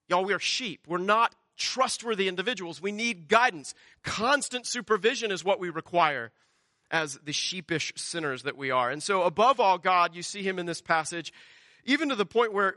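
A man's voice: on the high side, pushed and bright, no echo, clean studio sound. A man preaching a sermon, emphatic and full of rhetorical repetition. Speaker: pastor.

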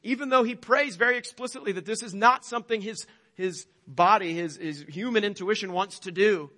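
A man's voice: sits high, a little fast, sharp tone, in a large hall. A male pastor preaching a sermon emphatically, with rhetorical questions.

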